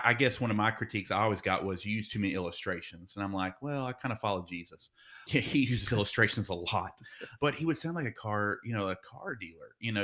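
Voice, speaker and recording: A man's voice: fairly low pitch, sharp tone. A man co-hosting a casual faith podcast from a dining room, joking and teasing, then earnest. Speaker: podcast co-host, pastor.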